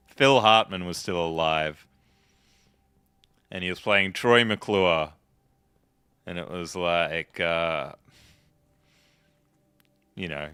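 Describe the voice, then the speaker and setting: Low-voiced guy narrating his puzzle game, chatty, thinking out loud, bright crisp sound. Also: no echo, studio quality. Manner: chatty, musing aloud to himself. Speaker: let's play host. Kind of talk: casual gameplay commentary.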